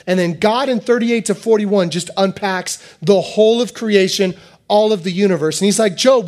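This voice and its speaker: A man preaching a sermon as a pastor, animated and repetitive, acting out quotes in his talk. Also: high-pitched, moderate pace. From United States.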